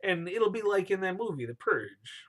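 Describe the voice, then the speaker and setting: A man's voice: high-pitched, big pitch swings, normal speed, fairly bright tone, voice pushed up, heavily acted. A man voicing a flustered ancient king who talks in casual, exasperated modern speech.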